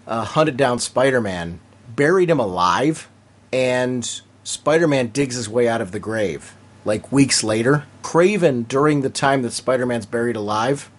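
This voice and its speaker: A man co-hosting a comics fan podcast, recounting story details in casual chat. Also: on the low side. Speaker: podcast co-host.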